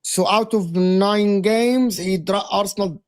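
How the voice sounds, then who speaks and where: A man's voice: high-pitched, steady tone, slow. A man in a heated casual football debate, interrupting and restarting his sentences. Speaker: football panel guest.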